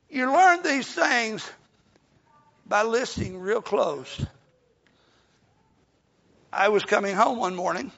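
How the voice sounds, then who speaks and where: This sermon comes from an older preacher whose very high, gravelly voice carries a bright, sharp edge. His delivery is folksy and animated, slow and full of pauses, building to shouts before sinking to a soft hush. The lo-fi recording sounds dull, with long hall reverb.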